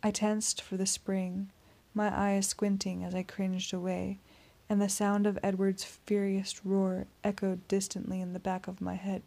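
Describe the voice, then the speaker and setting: A woman narrating a first-person audiobook in a steady, tense storytelling voice. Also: mid-range voice, unhurried, gravelly, few pauses.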